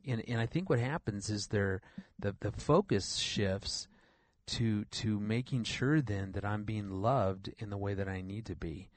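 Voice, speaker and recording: Middle-aged male guest, low voice, earnest storyteller, stumbles and repeats words, dry studio mic. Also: measured pace, dry recording. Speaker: regular guest, relationship counselor. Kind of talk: radio interview, storytelling.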